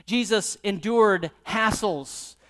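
A man's voice: high-pitched, takes it slowly, a bit bright. A middle-aged man preaching a sermon, telling a personal story and then pressing the congregation with pointed rhetorical questions. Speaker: pastor.

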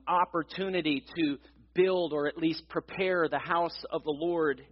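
A man's voice: fairly high pitch, in a large hall, highs cut off. A man preaching a sermon in a church, reading scripture aloud and then teaching earnestly, repeating key phrases for emphasis. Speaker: pastor. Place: church sanctuary.

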